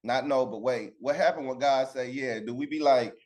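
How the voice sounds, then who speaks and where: A man's voice: medium pitch, moderate pace, darkish tone. Man, Bible study teacher on a video call, loose and chatty, pulls in his group with "right?". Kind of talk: casual Bible lesson.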